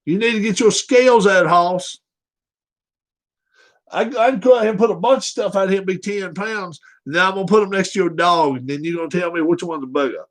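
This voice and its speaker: A man's voice: sits high, brisk. A man hosting a casual livestream, blunt, joking and profane. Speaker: livestream host.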